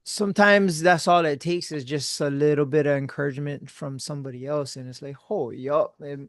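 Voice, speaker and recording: A man's voice: a little high, steady tone, fairly quick, dry recording, studio quality. A man hosting a podcast, laid-back and encouraging, with casual slang. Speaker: podcast host.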